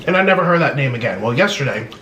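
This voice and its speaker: A man's voice: medium pitch, big pitch swings, very fast, pushed and bright, distant mic. A young man hosting a mukbang eating vlog, talking in a hyper, bubbly way with sing-song exclamations. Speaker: mukbang host. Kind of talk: casual eating vlog chat. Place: room at home. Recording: echoey room, mic set back, faint hiss.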